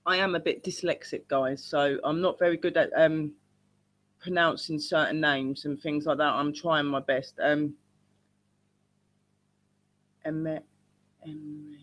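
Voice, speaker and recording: A woman's voice: low voice, steady tone, moderate pace, fairly bright tone, poor audio. A woman leading a paranormal team, chatting casually to viewers during a live-streamed ghost hunt from her home, often calling them "guys". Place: at home indoors.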